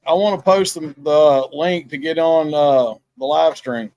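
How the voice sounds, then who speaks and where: A man's voice: on the high side, measured pace, darkish tone, muffled recording. A man hosting a podcast as a casual live-stream chat. He jokes in a folksy, plainspoken way. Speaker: podcast host.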